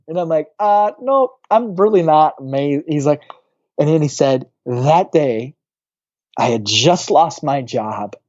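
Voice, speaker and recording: Man telling a story in animated bursts. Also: fairly high pitch, measured pace, highs cut off. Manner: animated storyteller who acts out quoted voices. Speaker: pastor. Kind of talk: storytelling on a podcast interview.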